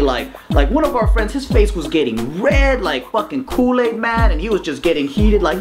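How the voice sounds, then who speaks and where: A man's voice: sits high, big pitch swings, moderate pace, hardly any pauses. A young man telling a story in a casual, profane way, full of fillers. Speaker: vlogger. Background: guitar music.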